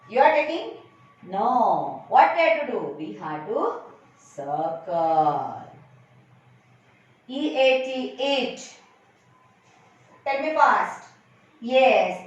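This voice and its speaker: A woman's voice: on the high side, distant mic. A woman teacher with an Indian English accent gives a phonics lesson to young children, coaxing them along by asking questions and answering them herself. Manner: slow, coaxing teacher talk that asks and answers its own questions. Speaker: kindergarten teacher. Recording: echoey, lo-fi recording from off-mic.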